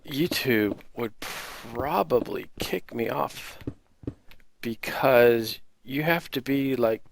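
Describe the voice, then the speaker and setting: A man's voice: medium pitch, no echo. An American man hosting a casual Minecraft video, rambling with many fillers and self-deprecating asides. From United States. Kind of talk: casual gameplay commentary.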